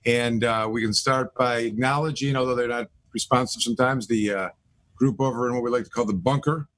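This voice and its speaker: A middle-aged man hosts a live talk show in a casual, rambling way. He leans on fillers and restarts as he introduces each guest. His voice sits at an ordinary middle pitch. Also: fairly even intonation, brisk, fairly bright tone. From Michigan. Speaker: host, attorney.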